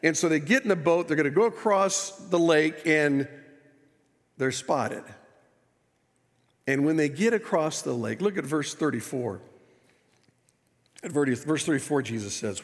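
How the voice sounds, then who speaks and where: A middle-aged male pastor preaches in a relaxed, storytelling way, often checking in with his listeners. His voice sits a little high for a man and has a gravelly edge. It carries the long echo of a church hall. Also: a little slow, pauses often. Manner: conversational storytelling, asks the congregation. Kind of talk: sermon.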